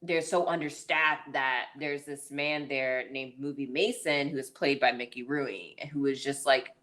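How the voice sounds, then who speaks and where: A woman co-hosting a podcast casually recaps a movie's plot for a review, chatty and full of "like" and "um," laughing now and then mid-story. Her voice is low and a bit bright.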